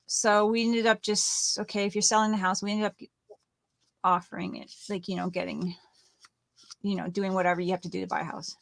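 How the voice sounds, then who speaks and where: A woman's voice: mid-range voice, steady tone, a little fast, vocal fry, no echo. Middle-aged woman, chatty co-host, rambling stories, dry close sound. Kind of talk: casual chat while crafting.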